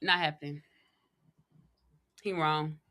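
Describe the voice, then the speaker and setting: A woman co-hosting a talk show, chatting in casual banter, blunt and joking with loud outbursts. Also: deep voice, steady tone, slow pace. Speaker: show co-host.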